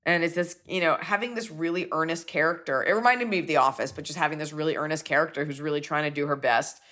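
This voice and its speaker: A comedian in her forties hosting a casual chat, answering fan questions and jumping into quick accent bits. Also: deep voice. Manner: animated, jumps into quick bits of accents and impressions.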